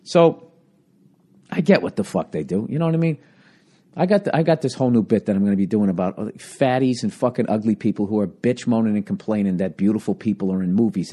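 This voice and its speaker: A man, a stand-up comedian, talking alone into a handheld recorder for his podcast. He swears constantly, rants in a lively way, and his voice is still cracking. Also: on the low side, quick pace, slightly rough. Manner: profane, ranting, animated. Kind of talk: solo podcast monologue.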